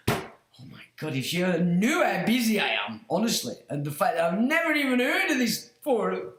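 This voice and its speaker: A man's voice: high-pitched, big pitch swings, normal speed, fairly bright tone. A man hosting a livestream, telling a story in a casual, mocking, swearing way, laughing often. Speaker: livestream host. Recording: roomy echo.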